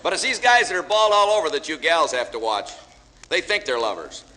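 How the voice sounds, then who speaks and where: Male after-dinner speaker, fast folksy joke-teller, reverberant hall recording. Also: on the high side, sing-song, bright, forceful tone. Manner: folksy storyteller, joking with audience. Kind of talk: humorous speech with jokes. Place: large banquet hall with audience. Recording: echoey hall, faint hiss.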